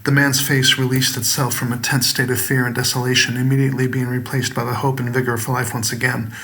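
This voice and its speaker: A man's voice: medium pitch, little pitch movement, quick pace, bright, forceful tone. Man reading a gothic horror tale. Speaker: author and narrator.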